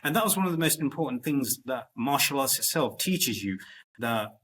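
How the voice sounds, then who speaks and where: A man's voice: medium pitch, animated, normal speed, fairly bright tone, a little hiss or hum. A man hosting a casual interview, gushing with fan enthusiasm about favorite scenes. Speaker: interview host.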